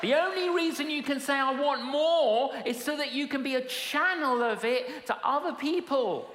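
A woman's voice: high-pitched, animated, moderate pace, fairly bright tone, some chatter behind, slight background noise. A woman preaching a sermon in a large hall, emphatic and humorous, with repetition and punchlines. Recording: echoey hall with long reverb.

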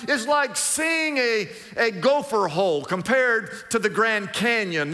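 Animated high-voiced middle-aged preacher. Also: male voice. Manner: animated, colloquial, swings from loud bursts to hushed asides. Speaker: pastor. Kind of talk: sermon. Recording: long hall reverb.

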